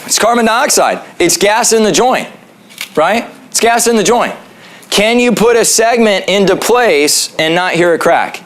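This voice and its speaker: A man with a fairly high voice teaches a health class in his chiropractic office. He keeps it casual and joking, and keeps putting questions to the room. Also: lively intonation, a little slow, a bit bright. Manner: joking, asks the audience questions.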